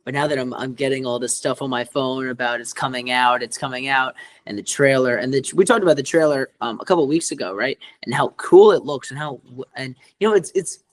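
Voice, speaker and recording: A man's voice: mid-range voice, brisk, no echo. A man co-hosting a podcast in casual chat, rambling with lots of fillers and restarts. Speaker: podcast co-host.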